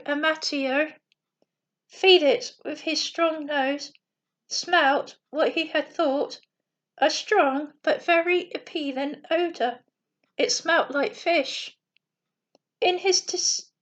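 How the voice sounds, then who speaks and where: A woman reading a bedtime story aloud slowly and carefully, with small slips. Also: sits high, a bit bright.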